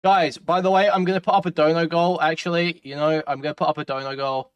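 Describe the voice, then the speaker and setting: A man's voice: fairly high pitch, steady tone, fast, clean tone, lo-fi sound. A man doing live-stream reaction commentary, ranting and profane with a sardonic edge.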